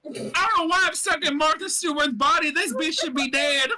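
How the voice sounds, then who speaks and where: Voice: sits high, normal speed, pushed and bright. A player voicing a confused old woman who has woken up somewhere strange and is upset about it. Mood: bewildered.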